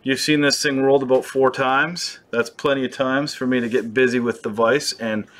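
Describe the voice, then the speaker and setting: A man's voice: medium pitch, steady tone, normal speed, fairly bright tone. A young man hosting a fly-tying show, who keeps it casual and makes playful, self-mocking jokes as he works. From British Columbia, Canada. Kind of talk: casual joking tutorial.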